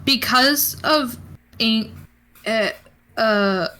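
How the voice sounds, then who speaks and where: A woman's voice: a little high, drawn-out words, noisy background. A woman playing a tabletop game, joking and narrating her childlike character's antics. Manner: playful, childlike character asides. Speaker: player. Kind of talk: casual tabletop play.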